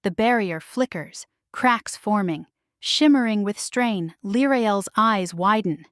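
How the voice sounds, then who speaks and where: A woman's voice: medium pitch, slow, dry recording, clean studio sound. A woman narrating a first-person romance audiobook in a dramatic, intimate storytelling manner.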